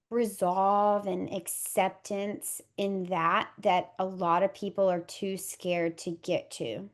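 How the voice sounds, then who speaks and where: A woman's voice: medium pitch, a little mellow. A woman in her thirties, a doula and podcast guest expecting her first baby, speaking in an earnest, heartfelt, reflective way. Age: 30s. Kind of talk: podcast interview conversation.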